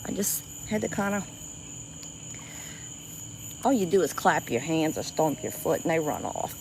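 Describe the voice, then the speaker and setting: Sing-song and gravelly yet a little mellow, her low voice moves at a measured pace, with a little hiss or hum behind it. She's a South Louisiana woman with a Cajun accent hosting an outdoor livestream by a swamp river at night, casually chatting with viewers, laughing easily, restarting often, and saying "y'all" plenty.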